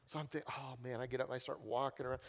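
A man's voice: mid-range voice, fairly even intonation, very fast. A male pastor preaching a sermon in a conversational, storytelling way, with self-deprecating humor and key phrases repeated for emphasis.

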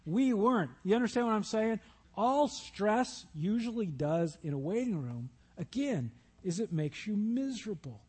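A man's voice: sits high, very animated, normal speed, a little mellow, husky. A man preaching a sermon, telling stories and acting out Bible scenes in voices. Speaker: pastor.

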